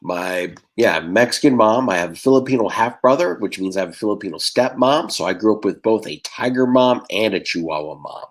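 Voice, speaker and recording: Man from Texas, lowish voice, deadpan stand-up, rapid one-liners over a video call. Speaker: stand-up comedian.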